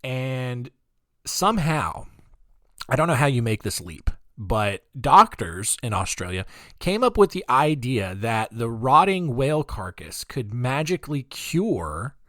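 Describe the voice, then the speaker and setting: Man with a deep morning voice. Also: sing-song, measured pace, fairly bright tone, no room sound, studio quality. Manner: rambling, jokey asides, frequent fillers. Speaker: podcast host. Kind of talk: casual comedic storytelling.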